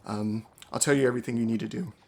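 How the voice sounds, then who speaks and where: A man voicing a calm, devout female lioness who questions a stranger and earnestly asks for help. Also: medium pitch, quick pace, vocal fry, slight background noise, lightly acted.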